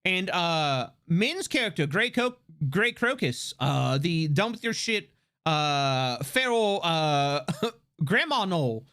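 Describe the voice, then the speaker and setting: A streamer chatting casually on a livestream, rambling with lots of fillers and restarts, excitable and laughing often. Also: medium pitch, takes it slowly.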